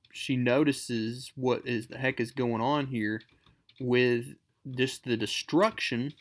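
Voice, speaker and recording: A man hosting a casual comic book recap, talking in a chatty, enthusiastic way. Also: mid-range voice.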